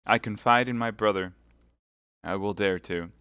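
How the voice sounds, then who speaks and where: A man's voice: fairly low pitch, normal speed, bright, forceful tone, smooth, no room sound. A man voicing a scheming captive noblewoman who pleads and seduces in a theatrical way. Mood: coaxing.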